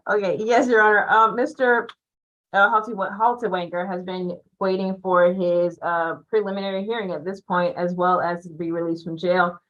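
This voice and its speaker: A woman's voice: lowish voice, fairly even intonation, moderate pace, a bit bright. Woman attorney, muffled courtroom audio. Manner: polite, addresses the judge formally, laughs easily. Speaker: defense attorney. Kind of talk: courtroom argument.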